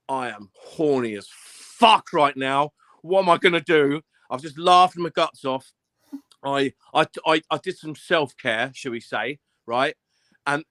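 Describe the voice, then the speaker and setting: A man's voice: on the high side, sharp tone, no room sound. A man telling a crude, laughing story in casual chat.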